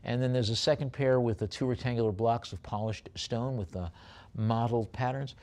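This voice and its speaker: Older male auctioneer, New York accent, rapid bid calls mixed with wry jokes, mid-range voice. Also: medium pitch, darkish tone. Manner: chatty, joking asides between rapid bid calls. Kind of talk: live auction calling.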